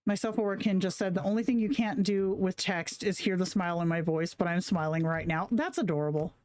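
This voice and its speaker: Woman streamer talking casually, slangy and kinda profane, reading chat out loud. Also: on the low side, a little fast. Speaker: livestream host.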